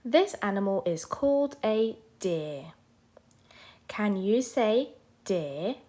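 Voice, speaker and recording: A woman teacher leading a children's phonics lesson, sounding out letters slowly and clearly. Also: medium pitch, expressive, mellow. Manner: slow, sing-song, sounding out letters for children.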